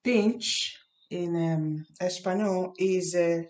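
Slow, echoey woman teacher drilling spelling. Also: on the low side, a little mellow. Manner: spells words letter by letter, repeats each word, asks "hmm?". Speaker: English teacher. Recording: echoey room.

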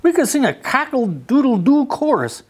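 A showy storybook rooster calls out in a high, sing-song voice, as a man reading aloud puts it on. The pitch jumps around brightly. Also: very animated, normal speed, a little hiss or hum. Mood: eager.

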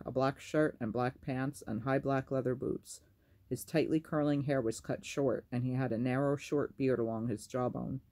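A man reads a novel aloud as a storyteller, keeping a measured and even pace. His voice is dark and mellow, with a gravelly, low-register texture.

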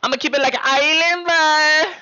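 Man doing a high, squeaky, sing-song meme chant, muffled audio. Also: steady tone, normal speed, bright, forceful tone, exaggerated voice. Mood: mocking.

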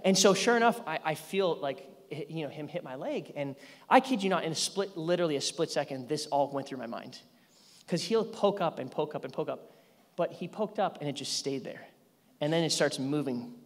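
A man in his thirties, a pastor preaching a sermon, telling a story with lively energy, sometimes yelling and laughing. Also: a little high. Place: large church hall. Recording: church hall reverb.

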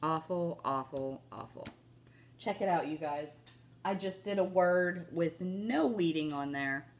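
Speaking a little slowly in a fairly low voice, a chatty craft host leads viewers through a project, upbeat and gushing. She turns to her audience often with "you guys" and "oh my gosh" as she works, and now and then a cough catches her.

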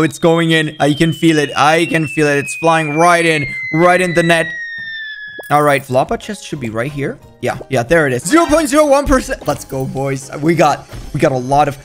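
A young man giving excited running commentary while he plays a video game, cheering and groaning at each kick and talking to his in-game pets. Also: a little high. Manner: hyped, jumpy, talks to the game and its pets. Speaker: gaming video creator. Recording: faint background music.

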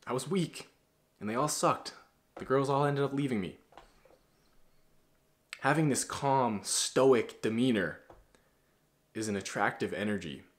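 A man's voice: mid-range voice, measured pace, pauses often. A man in his twenties giving a blunt, preachy, slangy motivational talk as a masculinity coach. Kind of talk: casual motivational monologue.

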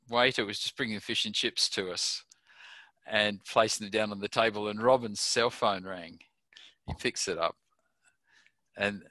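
A man's voice: on the low side, bright, forceful tone, no room sound. An older Australian man being interviewed, telling a chatty anecdote and chuckling at his own story. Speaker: interview guest.

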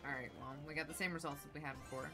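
A young adult woman chatting casually with viewers while playing a video game, animated and quick to exclaim. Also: low-pitched, music in the background. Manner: animated, shrieks when excited, drops soft when focused. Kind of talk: casual let's-play commentary chatting with chat.

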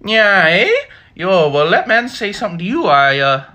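A man's voice: sits high, very animated, moderate pace, bright, forceful tone. A man doing mock-casual banter in local slang for a comedy sketch.

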